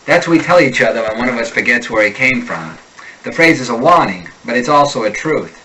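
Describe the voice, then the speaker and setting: A man's voice: medium pitch, lively intonation, fairly quick, sharp tone, poor audio. A man reading as a weary, bitter male Martian who resents Earthlings, in a brooding, defiant monologue. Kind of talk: reading a sci-fi passage aloud.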